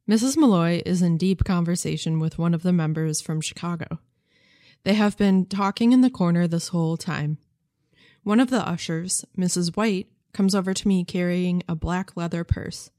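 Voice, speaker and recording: A woman reading a novel aloud for radio in a measured, gentle storytelling manner. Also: on the low side, no room sound, studio quality. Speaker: narrator.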